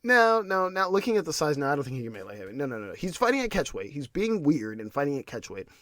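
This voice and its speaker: A man's voice: on the high side, big pitch swings, quick pace, a bit bright, no echo. A man hosting a podcast, ranting in casual solo commentary with restarts and repeated words. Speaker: podcast host.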